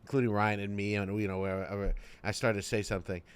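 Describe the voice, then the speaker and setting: A man's voice: on the low side, level tone, fast, clean tone. A middle-aged man co-hosting a comedy podcast, telling self-mocking stories in a laid-back, casual way. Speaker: podcast co-host.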